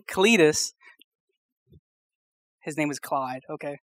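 Chatty young preacher, slightly high voice. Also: male voice, steady tone, normal speed, a bit bright, smooth, no room sound. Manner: chatty, rambling, full of fillers and restarts. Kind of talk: casual storytelling sermon.

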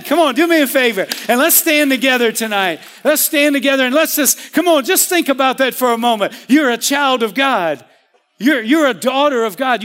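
A man's voice: very high-pitched, a bit bright. A man preaching a sermon as pastor, calling out "amen" and "come on" and building to fervent appeals. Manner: emphatic, rising to fervent calls. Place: church sanctuary. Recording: reverberant church hall.

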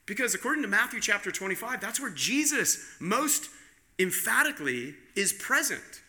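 A man's voice: high-pitched, sing-song, normal speed, bright, forceful tone. A man preaching a sermon, earnest, with rhetorical questions and frequent restarts. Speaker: pastor.

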